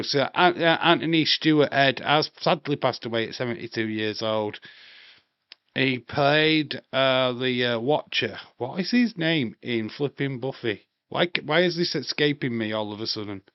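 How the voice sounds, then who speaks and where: A man's voice: medium pitch, no echo. A man chatting casually and rambling on a live wrestling watch-along stream, swearing now and then. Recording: dry, slightly dull home mic.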